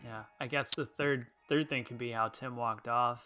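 A man's voice: medium pitch, steady tone, normal speed, pushed and bright. A man co-hosting a podcast, asking questions and giving short, supportive replies in casual chat. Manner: brief supportive backchannels. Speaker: podcast co-host.

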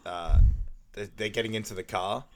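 A man's voice: lowish voice, normal speed. A man co-hosting a podcast, recapping a movie casually, laughing as he acts out quoted lines. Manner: laughing, animated retelling of quotes. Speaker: podcast co-host.

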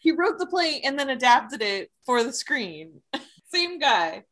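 A woman co-hosting a casual chat, speaking slowly and deliberately. Her pitch swings widely and sits a little high. She drops in dry asides and chuckles often. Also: big pitch swings, a bit bright. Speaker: podcast co-host.

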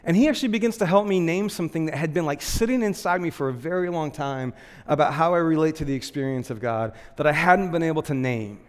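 A man's voice: on the high side, fast talker, smooth, long reverb tail. A man, a pastor, giving a casual conversational sermon, talking loosely with lots of "like" and "um" fillers. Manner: chatty, frequent "like" and "um" fillers, laughs lightly.

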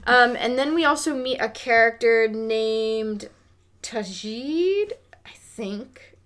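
A woman's voice: fairly high pitch, animated, takes it slowly, fairly bright tone. A woman co-hosting a podcast, chatting casually and frankly about a film, with lots of filler words and the odd swear. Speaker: podcast co-host. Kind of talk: casual film review chat.

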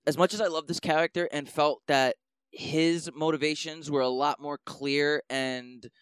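Man, smooth clear voice, slightly high, excitable, stumbles and restarts, movie podcast chat. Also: normal speed, no room sound. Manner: excitable, restarts often, rises to incredulous peaks. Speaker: podcast co-host. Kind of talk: casual movie review chat.

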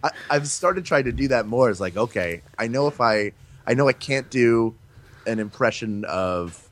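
A man being interviewed, chatting casually and telling animated stories about doing voices. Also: mid-range voice, moderate pace. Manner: animated storyteller, breaks into playful voices. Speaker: voice actor guest.

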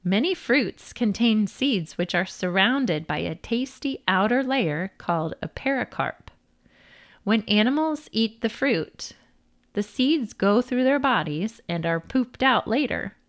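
A woman narrating children's stories and facts in a clear, deliberate, sing-song reading style. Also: medium pitch, animated. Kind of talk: children's storytelling and fact narration.

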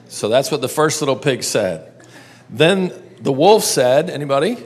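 A man's voice: medium pitch, animated, normal speed. A man telling a story to a group and drawing lessons from it, coaxing them with questions. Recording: long hall reverb.

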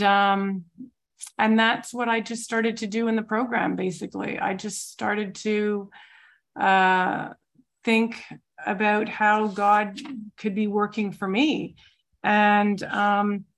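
A woman in her forties, a twelve-step program member, gives a personal recovery testimony in a reflective, searching way, often pausing with soft fillers. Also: mid-range voice.

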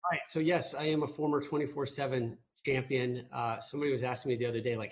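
A man's voice: medium pitch, fairly even intonation, quick pace. A man telling a rambling, self-mocking story as a guest on a video call interview. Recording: muffled video call audio.

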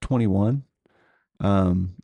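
This podcast co-host speaks low and dark, drawing out his words with a creaky quality. He keeps the conversation loose, hedging, laughing and saying um a lot.

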